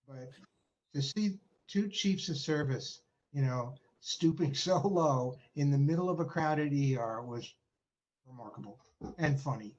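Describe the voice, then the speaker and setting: Man, former chief resident, amused storyteller, slightly high voice, muffled call audio. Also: darkish tone. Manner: amused anecdotal telling with pauses. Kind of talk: casual storytelling on a video call. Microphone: video call.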